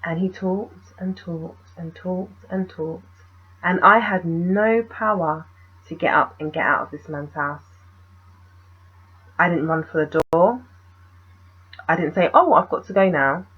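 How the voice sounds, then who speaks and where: Husky-voiced woman telling a story. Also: fairly low pitch, takes it slowly, long pauses, lo-fi sound. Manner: animated retelling full of rhetorical questions. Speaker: vlogger. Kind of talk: storytime vlog.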